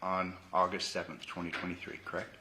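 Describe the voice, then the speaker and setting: A man cross-examining a witness in a courtroom, his voice sitting slightly low. He presses steadily, pinning down every answer with a clipped follow-up question. A faint hiss runs under the recording. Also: flat delivery, brisk. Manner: pressing, repeats "correct?" to pin down answers. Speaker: defense attorney.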